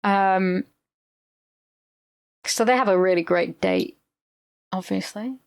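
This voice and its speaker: A woman's voice: medium pitch, slow, vocal fry. A woman co-hosting a podcast in casual chat, retelling scenes animatedly and swearing freely. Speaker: podcast co-host.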